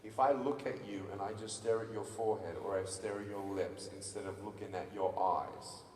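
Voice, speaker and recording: A motivational speaker in his thirties with an Australian accent, who gives a lively stage speech, acts out scenes and calls on the audience to answer. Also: on the low side, normal speed. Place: large conference hall. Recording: distant, echoey hall recording.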